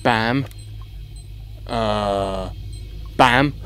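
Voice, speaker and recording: A man's voice: on the low side, drawn-out words, bright, forceful tone, slight background noise. A man hosting a gaming channel, giving let's play commentary in a frantic, swearing way and muttering to himself as he plays.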